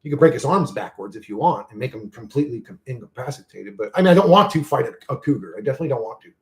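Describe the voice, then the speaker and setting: A man's voice: mid-range voice, very fast. A man hosting his own channel, telling a rambling story in casual chat, swearing heavily and getting worked up in bursts. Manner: excitable, rising and falling in bursts. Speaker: channel host.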